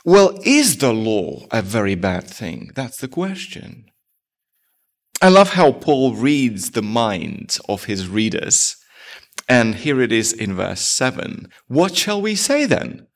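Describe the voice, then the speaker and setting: A male pastor delivering a sermon with a lively, swooping delivery. He speaks slowly and deliberately, tossing rhetorical questions out to his listeners. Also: medium pitch. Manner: animated, rhetorical questions to the congregation.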